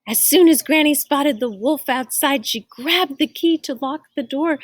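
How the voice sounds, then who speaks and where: A woman reading a picture book aloud to children, expressive, stopping to explain words and ask the listeners questions. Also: high voice, unhurried, hardly any pauses, no room sound. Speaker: storyteller.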